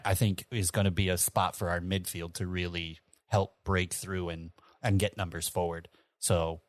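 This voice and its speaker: Deep-voiced male co-host, relaxed and measured, dry close mic. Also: no room sound. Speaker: podcast co-host, beer news. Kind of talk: casual chat.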